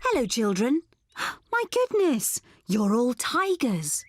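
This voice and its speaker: A woman voicing a gentle, patient mother pig in a children's cartoon, speaking kindly and telling stories. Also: a little high, wildly swooping pitch, takes it slowly, no echo, heavily acted. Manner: kind, storytelling, gently coaxing. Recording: cartoon soundtrack with loud music.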